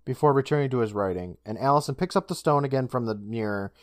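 A man co-hosting a casual podcast, retelling a TV episode scene by scene with swearing and quick character imitations. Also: mid-range voice, dry recording, clean studio sound. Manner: animated, swears, mimics characters while recapping. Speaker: podcast co-host recapping an episode.

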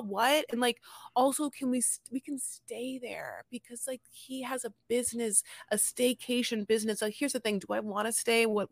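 A woman's voice: fairly high pitch, a bit bright, no room sound, clean studio sound. A woman co-hosting a podcast, chatting casually and rambling in a gushing way, with restarts and the odd swear. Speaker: podcast co-host. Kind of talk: casual chat recap.

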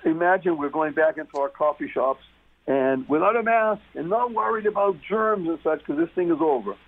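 A man's voice: on the high side, lively intonation, fairly quick. A man talking as a guest on a talk radio show, emphatic and repeating key words for stress. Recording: muffled phone-line radio sound.

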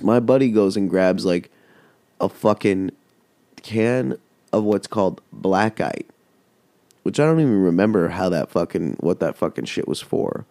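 A man's voice: fairly low pitch, expressive, measured pace, mellow, no echo. A man hosting a podcast, telling a rambling, heavily profane story in casual chat. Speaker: podcast host.

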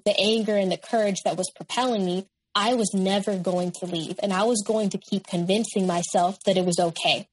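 A woman's voice: mid-range voice, poor audio. A nineteen-year-old woman, a guest in an interview, recounting a personal story in a candid, matter-of-fact way.

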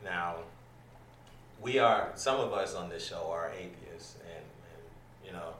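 A man hosts a laid-back podcast, his voice bright and forceful but sitting back from the mic in an echoey room. He talks loosely, full of ums and curse words, with a faint hiss of noise underneath. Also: sits low, fairly even intonation, slow, distant mic. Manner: loose, profane, many ums and restarts. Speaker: podcast host. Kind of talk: casual podcast chat.

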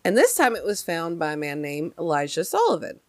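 A young adult woman hosting a podcast, telling a story in casual chat with lively emphasis and many fillers. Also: fairly low pitch, brisk, no echo. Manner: chatty, animated, many fillers. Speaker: podcast host.

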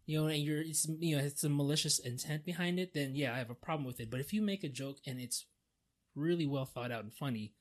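A man co-hosting a podcast, talking casually with halting restarts and frequent agreement. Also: a little high. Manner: relaxed, halting, many restarts and agreeing interjections. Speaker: podcast co-host. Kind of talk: casual chat.

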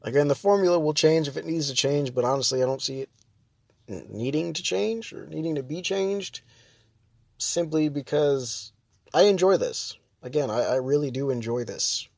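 A man's voice: fairly high pitch, animated, moderate pace, gravelly, darkish tone, dry recording. A man hosting his own podcast, chatting casually and rambling, breaking off mid-sentence and laughing often. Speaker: podcast host. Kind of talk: casual solo podcast chat.

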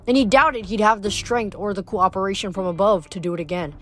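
A woman's voice: mid-range voice, brisk, a bit bright, soft background music. A woman summarizing and then reading a novel aloud, with frequent restarts and self-corrections. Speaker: book reader.

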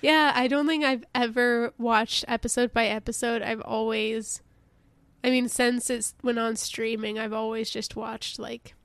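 A woman's voice: fairly high pitch, measured pace, clear, resonant tone, no echo. A young woman co-hosting a podcast in casual chat, sounding congested and nasal from a cold. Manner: relaxed, frequent "like" and laughs. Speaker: podcast co-host.

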